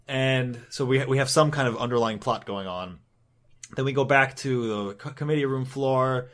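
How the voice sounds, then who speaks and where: A man's voice: mid-range voice, normal speed, fairly bright tone. Man recapping a comic, loose and rambling. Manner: rambling, laughing, swears casually. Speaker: podcast co-host. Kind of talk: casual comic book recap.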